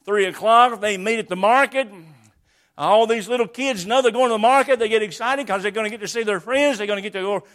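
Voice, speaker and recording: A man preaching a sermon, explaining a scripture passage verse by verse and acting out its quotes with sudden loud bursts. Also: high-pitched.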